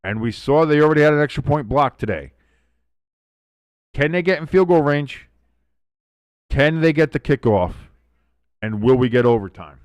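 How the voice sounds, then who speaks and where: Excitable, swearing sports streamer. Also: male voice, fairly high pitch, normal speed, pauses often, no room sound. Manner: excitable, profane, swings from yelling to muttering asides. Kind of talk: live game watch-along commentary.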